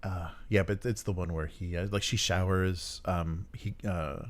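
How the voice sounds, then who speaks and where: A man's voice: deep voice, steady tone, measured pace. A man co-hosting a podcast in casual chat, rambling with many fillers and frequent chuckles. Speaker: podcast co-host. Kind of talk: casual chat about tabletop games.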